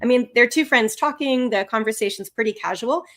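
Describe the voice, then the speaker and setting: A woman teaches a live online class with real energy. Her voice sits a little high and swoops up and down for emphasis. She laughs easily and keeps the tone friendly and encouraging. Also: a little fast. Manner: animated, swooping pitch for emphasis; laughs often. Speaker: language test instructor.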